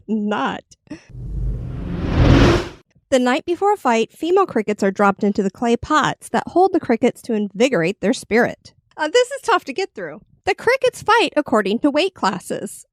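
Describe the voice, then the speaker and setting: A woman's voice: a little high, very animated, moderate pace, a little hiss or hum. A woman co-hosting a podcast, reading history notes in casual chat, giggly and stumbling over words. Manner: giggly, often breaks into laughter. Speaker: podcast co-host. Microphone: studio podcast mic.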